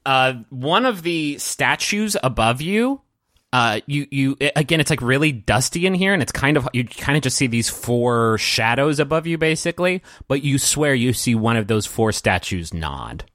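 A man narrating as game master of a tabletop game, halting and full of fillers. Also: medium pitch, animated, fairly bright tone, dry recording, studio quality.

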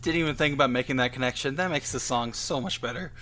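Deadpan man trading wry asides. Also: mid-range voice, fast, slight background noise. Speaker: podcast co-host. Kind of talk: casual joking chat.

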